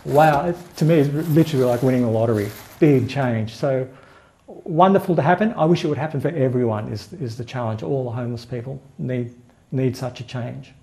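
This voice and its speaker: A man's voice: mid-range voice, fairly quick, gravelly, warm tone. A man speaking in a news interview clip, thoughtful and reflective.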